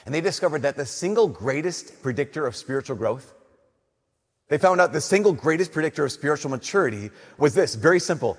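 Young priest, male, slightly high and husky, conversational sermon delivery with long church reverb. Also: expressive, brisk. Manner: conversational preaching, playful then hushed and earnest. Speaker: Catholic priest.

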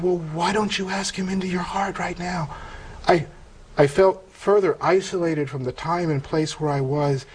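A man's voice: a little high, darkish tone, a little hiss or hum, rough recording. Earnest older man telling his story. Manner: earnest, reflective storytelling with halting restarts and quoted dialogue. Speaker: interview guest telling a conversion story. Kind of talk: personal testimony in conversation.

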